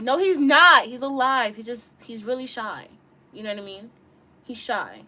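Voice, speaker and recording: Chatting with her audience from her bedroom, a giggly, bubbly young woman reads viewer comments on a casual livestream. Her volume jumps from loud bursts to low mumbles, and there's slight background noise.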